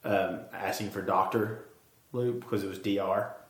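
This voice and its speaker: A man's voice: fairly low pitch, steady tone, a little slow. A man with a Southern accent, co-hosting a casual podcast chat, drawling and repeating his words. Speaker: podcast co-host. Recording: roomy echo.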